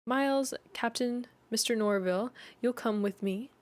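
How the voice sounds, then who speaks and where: A woman voicing a calm, steady Englishman who takes charge in a storybook reading. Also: extremely high pitch, moderate pace, dry recording.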